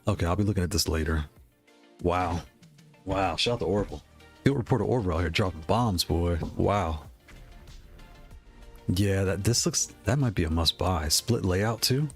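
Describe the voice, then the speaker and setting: A man from the Northeast of the US is chatting his way through a live stream, reading questions from chat and thinking out loud. His voice sits on the low side, and he breaks into excited reactions. A little music plays faintly in the background. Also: normal speed, long pauses, breathy edge. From Northeast United States. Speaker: streamer reviewing game controllers.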